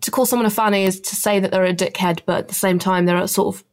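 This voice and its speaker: Casting: female podcast guest, easygoing, halting phrasing, quick laugh. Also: medium pitch, fairly even intonation. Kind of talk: casual chat.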